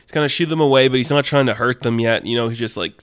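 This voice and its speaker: A man's voice: medium pitch, fairly even intonation, fast talker, a bit bright, no room sound, studio quality. A man telling an improvised story in a rambling, filler-heavy way, laughing at his own jokes.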